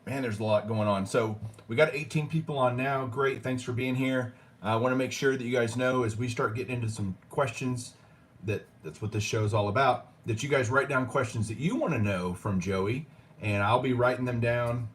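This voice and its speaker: A man hosting a collecting show, relaxed and jokey, poking fun at himself. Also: medium pitch, moderate pace. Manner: relaxed, jokey, self-deprecating. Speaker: host. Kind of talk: casual chat.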